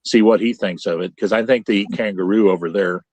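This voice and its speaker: A man's voice: on the low side, steady tone, fairly quick, a little mellow, no room sound. Older man from central Illinois, folksy rambling host, dry close sound. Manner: folksy, rambling storyteller with many restarts. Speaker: podcast host. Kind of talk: casual chat. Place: home trailer. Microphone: Starlink video call.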